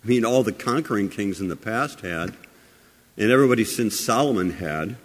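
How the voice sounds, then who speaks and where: A man with a fairly low voice delivers a sermon, asking his listeners rhetorical questions. He swings from loud, emphatic phrases to hushed asides. His voice rings with the long reverb of a large church. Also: lively intonation, fairly quick. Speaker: pastor.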